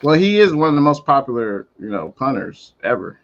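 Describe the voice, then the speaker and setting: A man's voice: mid-range voice, big pitch swings, brisk, vocal fry, dull audio. A man hosting a fan talk show, closing it out in an easygoing, thankful way. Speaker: show host. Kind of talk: casual chat.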